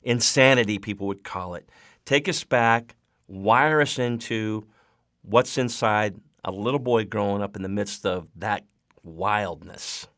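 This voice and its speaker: Gravelly, low-voiced radio host. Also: male voice, a bit bright, dry recording, clean studio sound. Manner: measured, prompting questions. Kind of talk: interview.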